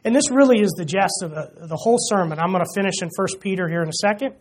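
This man's voice sits high and moves at a quick pace as he delivers a sermon in church. He talks casually, joking with the congregation and leaning on "you know" a lot.

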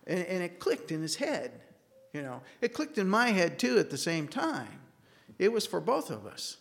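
Earnest male preacher, slightly high, gravelly, long hall reverb. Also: sing-song, a little slow. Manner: earnest, storytelling, acts out quoted dialogue. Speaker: speaker giving a church talk. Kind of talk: sermon with a personal story. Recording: long reverb of a large room.

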